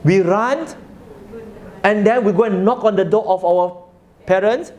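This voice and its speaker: A man's voice: sits high, unhurried, a little mellow. A man giving a religious talk to a live audience, telling a story and asking listeners questions. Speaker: religious speaker.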